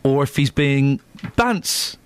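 A man's voice: medium pitch, takes it slowly, smooth, no echo. A man hosting a radio show in a casual, bantering manner, often stammering and restarting. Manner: lively, stammering, self-deprecating banter. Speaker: radio host. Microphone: studio microphone.

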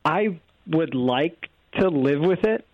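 A man's voice: on the high side, expressive, takes it slowly, no room sound, muffled recording. Enthusiastic man telling a story. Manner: enthusiastic, storytelling, laughs easily. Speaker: podcast guest. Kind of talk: casual chat.

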